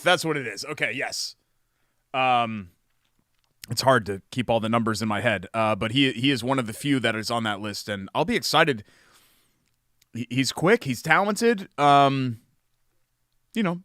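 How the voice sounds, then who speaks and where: A man's voice: mid-range voice, a bit bright, dry recording, studio quality. A man co-hosting a sports podcast, chatty and enthusiastic as he reads sponsor plugs. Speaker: podcast co-host. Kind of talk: casual sports chat.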